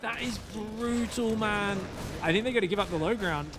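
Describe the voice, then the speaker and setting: A man's voice: sits high, normal speed. A young man casting a video game match live, joking and rambling between calls of the action. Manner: jokey, rambling banter, speeds up for action. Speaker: esports caster.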